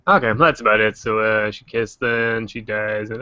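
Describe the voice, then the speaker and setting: A man hosting a casual livestream discussion, joking and animated. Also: on the low side, moderate pace, clear, resonant tone, dry recording, dull audio. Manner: joking, animated, quotes characters in silly voices. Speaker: host.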